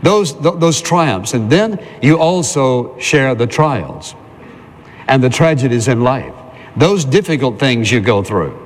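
A man's voice: mid-range voice, very animated, a little slow. Guy preaching in church, chatty, keeps asking questions and answering them, long echo in the room. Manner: conversational preaching with rhetorical questions. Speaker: pastor. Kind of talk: sermon.

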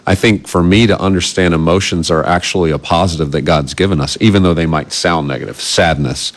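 A man's voice: low voice, fairly even intonation, a little fast. A male guest on a talk show, earnest and reflective. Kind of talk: conversational interview.

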